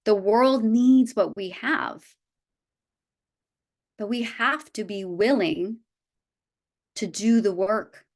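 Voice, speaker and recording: A woman's voice: mid-range voice, slow, pauses often, a little mellow. A woman in her fifties giving a heartfelt motivational talk to a live audience of her business team, earnest and often restarting her sentences. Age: 50s. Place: event room with a live audience.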